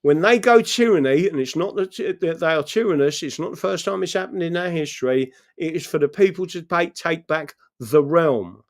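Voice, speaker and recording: A man's voice: fairly high pitch, normal speed, few pauses. A man giving an impassioned political address, pressing each point with a repeated "right?". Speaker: political speaker.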